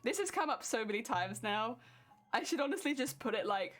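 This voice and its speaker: A woman's voice: a little high, very animated, fairly quick, fairly bright tone. A young British woman streamer chatting casually and giggling as she answers her viewers. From Britain. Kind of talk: casual chat with live chat.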